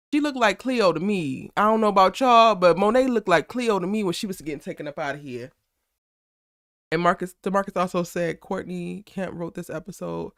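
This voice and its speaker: A woman hosting a casual live aftershow, animated and slangy, talking straight to her chat. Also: mid-range voice, no echo, clean studio sound. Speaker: YouTube live aftershow host.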